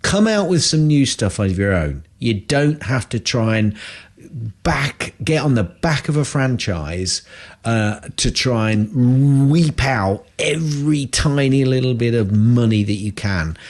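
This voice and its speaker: A man's voice: medium pitch, animated, unhurried, a little mellow. A man co-hosting a podcast in casual chat, blunt and grumbling, repeating himself for emphasis. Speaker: podcast co-host.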